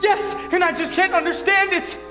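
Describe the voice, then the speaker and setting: A man's voice: extremely high pitch, fairly even intonation, moderate pace. A young man playing an earnest, pleading, lovestruck groom, recorded in an auditorium. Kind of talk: stage musical performance. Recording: echoey auditorium with music.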